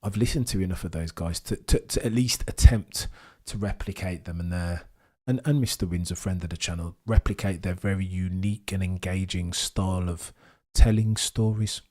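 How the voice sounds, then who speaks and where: A man hosting a live racing watchalong, talking in a verbose, animated way with mock commentator flourishes while reading chat. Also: low-pitched, normal speed. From Britain. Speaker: F1 livestream host.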